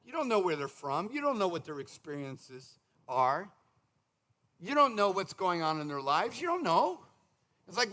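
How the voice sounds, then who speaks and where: A male pastor preaching a sermon in a conversational, animated way, slipping into quick mimicked asides. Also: high-pitched. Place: church sanctuary.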